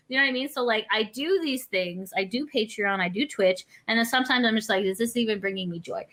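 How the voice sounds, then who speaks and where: High, bright, animated woman. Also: fast talker, hardly any pauses. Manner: rambling, profane, animated storytelling. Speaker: podcast co-host. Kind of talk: casual chat.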